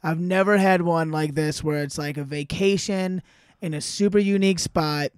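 A young man co-hosting a comedy podcast, casual, profane, and quick to laugh. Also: on the high side, steady tone, clear, resonant tone, no room sound, studio quality. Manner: laid-back, profane, laughs often. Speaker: podcast co-host and stand-up comic. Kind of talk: casual chat.

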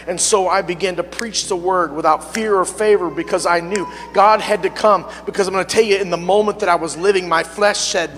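Male pastor, high voice, fervent call-and-response preaching; church hall reverb, faint hum. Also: steady tone, brisk, hardly any pauses, fairly bright tone. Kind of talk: sermon. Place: church sanctuary.

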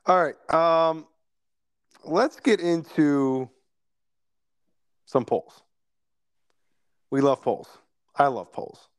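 Podcast host guy, wry, keeps things moving, slightly high voice, dry close sound. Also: drawn-out words, long pauses, smooth, dry recording. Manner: wry, leads the segments. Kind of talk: casual political chat.

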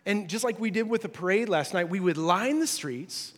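A man's voice: high voice, expressive, normal speed, fairly bright tone. A man preaching a sermon in a church, in a conversational way, with frequent fillers, restarts and playful asides. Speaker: pastor. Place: church sanctuary. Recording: long hall reverb.

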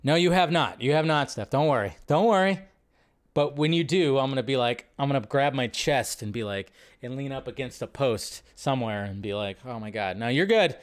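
A man hosting a live film news stream, chatting casually and rambling, often jumping from high excited bursts to low mutters. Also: a little fast. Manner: rambling, animated, jumps between high and low.

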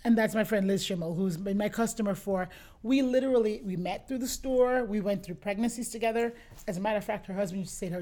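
A middle-aged woman who owns a boutique, chatting as an interview guest and telling lively anecdotes, often acting out what her customers said. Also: a little high, fast talker, slight background noise. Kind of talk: casual interview storytelling.

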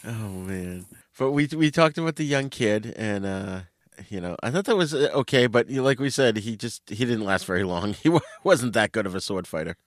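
Low-voiced man in relaxed film chat. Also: fairly quick, dry recording, clean studio sound. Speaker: podcast co-host. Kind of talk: casual film review chat.

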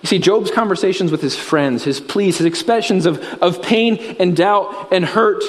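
A man's voice: high-pitched, moderate pace, few pauses, big-room sound. A man preaching a sermon as pastor, telling a story earnestly and quoting scripture.

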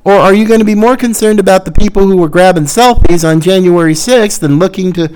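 A man's voice: sits high, brisk, darkish tone, clean tone. A man hosting a podcast, delivering an emphatic, sarcastic opinion monologue. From Florida. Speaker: podcast host.

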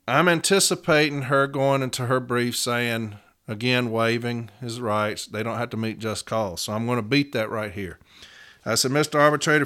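In a mid-range, somewhat bright voice, a middle-aged union advocate teaches arbitration through the story of a case he argued. He addresses fellow advocates emphatically, slowing down and drawing out key contract words for emphasis.

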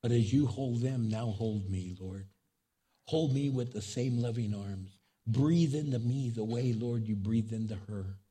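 A man preaching at a remembrance service, speaking straight to grieving people, repeating phrases and swelling to impassioned highs. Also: unhurried, dark tone, husky. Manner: impassioned preaching, swelling up high in pitch and volume; addresses the grieving congregation directly, repeats phrases. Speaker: pastor.

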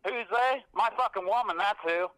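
A man's voice: high-pitched, moderate pace, bright, forceful tone, no room sound, rough recording. A man calling in to a podcast, aggressive and threatening, cursing constantly. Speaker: angry caller. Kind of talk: profane phone rant.

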